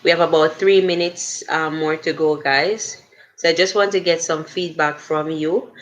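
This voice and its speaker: A woman's voice: deep voice, fairly even intonation, normal speed, dull audio. A middle-aged woman hosting a casual motivational livestream, talking earnestly and chatting with many fillers and restarts. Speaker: livestream host.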